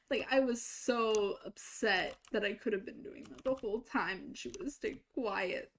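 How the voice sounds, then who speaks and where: A young woman streaming a game, casually telling a story, swinging between exasperated, swearing outbursts and quiet asides. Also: medium pitch, normal speed, hardly any pauses. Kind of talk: casual storytelling while gaming.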